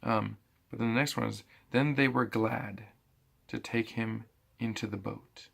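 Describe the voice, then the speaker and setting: A man's voice: lowish voice, fairly even intonation, a little slow, vocal fry, fairly bright tone. A man giving a casual bible teaching, thinking aloud and often restarting his sentences. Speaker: preacher.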